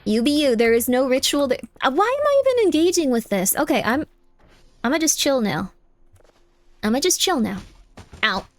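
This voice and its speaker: Young woman streamer, kinda high voice, rambles and repeats stuff, yells when annoyed. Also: big pitch swings, moderate pace, pauses often, no echo. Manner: chatty, repeats phrases, bursts of exasperated yelling. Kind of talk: live game stream chat.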